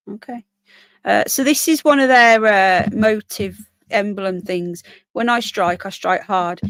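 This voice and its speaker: A fairly high, fairly bright female voice on a dry recording. She hosts a laid-back live stream, worn out and yawning, chatting with viewers about their comments and stopping now and then to speak to her pets.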